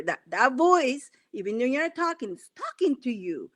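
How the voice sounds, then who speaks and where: A woman's voice: a little high, sing-song, normal speed, few pauses, fairly bright tone. A woman acting as a spiritual coach on a live stream, repeating instructions and guiding listeners through affirmations. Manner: repetitive, coaxing instructions.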